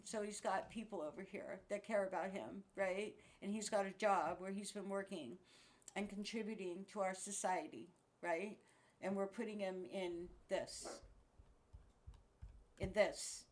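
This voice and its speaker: A woman vlogger of about sixty rants angrily to camera in a casual home video, swearing freely and laughing between outbursts. Her mid-range voice is steady, a little slow, and darkish in tone.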